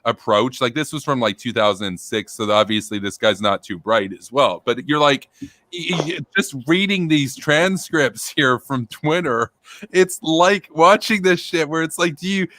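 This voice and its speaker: A man's voice: mid-range voice, expressive, normal speed, a bit bright, no echo. A man hosting a casual stream, retelling a story in a rambling way and laughing often. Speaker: political commentary streamer.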